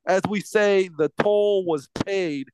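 A man's voice: sits high, slow, background noise. A man co-hosting a podcast, ranting profanely in casual chat with lots of stumbling restarts. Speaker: podcast co-host.

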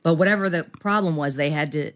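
A woman's voice: deep voice, fast. A woman in her fifties, a guest actress in a casual podcast interview, rambling and self-deprecating with many restarts.

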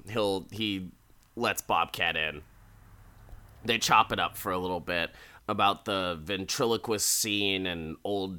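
A man's voice: sits low, bright, forceful tone. A man casually recapping a TV episode with chatty, crude, laughing asides. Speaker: podcast host recapping an episode.

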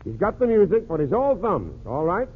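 A man's voice: high-pitched, wildly swooping pitch, normal speed, slightly rough. A man hosting a 1940s radio comedy show, cracking jokes through a one-sided phone call. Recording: tinny old radio broadcast with faint hiss.

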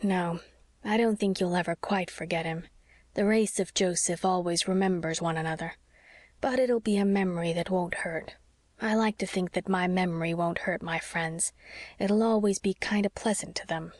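A woman reading the part of a frail, gentle old sea captain, speaking softly and wistfully in a low voice. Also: steady tone, moderate pace, no echo, natural voice. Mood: tender.

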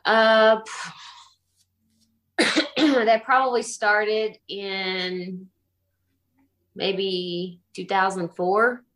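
A middle-aged woman telling a ghost story casually in an animated way, acting out the voices she quotes. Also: medium pitch, drawn-out words, pauses often. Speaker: guest telling a haunting story.

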